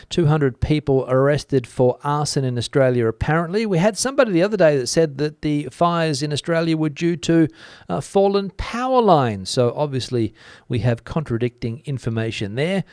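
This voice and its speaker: A man hosting a news channel from Spain, reading out viewer comments and musing on them in a relaxed way with many fillers. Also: on the high side, clear, resonant tone, dry recording, clean studio sound. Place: lives in Spain.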